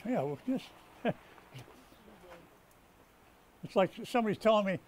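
A man's voice: sits high, animated, fast, darkish tone. A man preaching a sermon as pastor, stressing words as he builds up and often restarting his sentences mid-thought. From United States. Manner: preaching with rising emphasis and repeated words. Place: rescue mission chapel.

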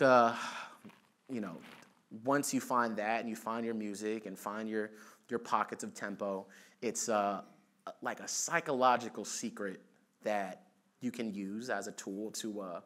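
A man's voice: fairly low pitch, moderate pace, fairly bright tone. Chatty young man giving a talk. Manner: casual, chatty, uses fillers. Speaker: presenter. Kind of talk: conference talk. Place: event stage.

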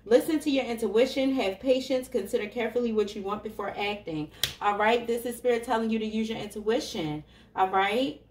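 A woman's voice: fairly high pitch, brisk, background noise. A woman reading tarot cards for her viewers in a casual, chatty way, laughing often and talking to them directly. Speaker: tarot reader. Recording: echoey room, voice a bit far from the mic.

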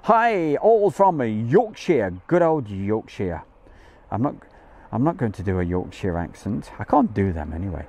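A man's voice: fairly low pitch, sing-song, moderate pace, creaky, warm tone. A man hosting a live stream outdoors from a campsite field, chatting in a jokey way and greeting viewers by name. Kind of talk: casual live-stream chat.

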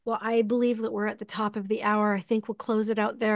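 A woman's voice: medium pitch, little pitch movement, brisk, few pauses, dry recording, clean studio sound. A woman hosting a live online spiritual class, gushing and giggly as she speaks with emotion on a video call. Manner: effusive and giggly, gushing with feeling. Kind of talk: live online class, heartfelt closing remarks.

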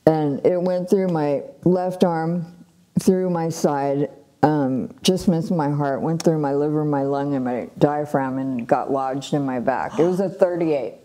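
Woman from los angeles, middle-aged, low voice, casual animated storytelling, laughs often, lots of fillers. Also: measured pace. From Los Angeles, USA. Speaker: guest sharing her testimony.

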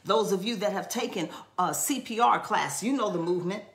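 A woman's voice: medium pitch, fairly quick, fairly bright tone. A woman preaching a charismatic sermon, fervent and repetitive, breaking into tongues.

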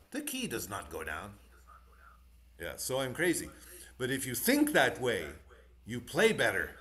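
A man teaching piano in an online masterclass. He is animated and encouraging, demonstrating as he goes and giving quick corrections. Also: medium pitch. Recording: echoey room with piano playing.

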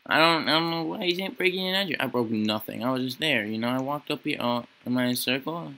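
A man's voice: medium pitch, fast talker, bright, forceful tone. A young man giving casual, rambling commentary while playing a horror game, joking and acting spooked as he talks to himself. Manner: rambling, jokey, mock-scared talk to himself. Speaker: gaming channel host.

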